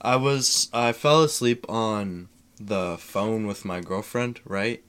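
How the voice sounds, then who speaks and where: A man's voice: fairly low pitch, slow, smooth. A young man in casual chat, telling a funny story with frequent laughs. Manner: laughs often, animated storytelling.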